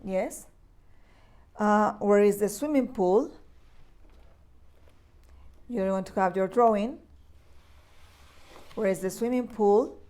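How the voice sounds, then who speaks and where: A woman teaches English to young children in a recorded lesson. She speaks at an unhurried pace in a medium-pitched voice. She keeps repeating key words and checking in with the class. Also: mellow. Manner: slow, patient, repeats key words with frequent "okay?" checks. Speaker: primary school English teacher.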